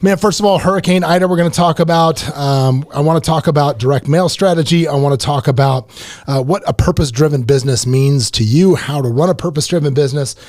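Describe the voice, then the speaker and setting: A middle-aged man hosting a casual podcast, animated and emphatic, often repeating himself. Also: fairly high pitch, fast, no room sound. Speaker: podcast host. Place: podcast studio.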